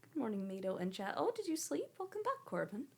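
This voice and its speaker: Creaky-voiced young woman streamer chatting. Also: fairly high pitch, very animated, quick pace, a little mellow. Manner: cooing baby-talk to her cat. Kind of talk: casual stream chat.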